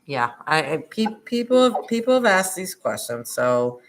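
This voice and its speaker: A woman hosting an interview, careful and hesitant, speaking softly. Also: on the low side, sing-song, moderate pace. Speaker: podcast host. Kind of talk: interview on a live stream.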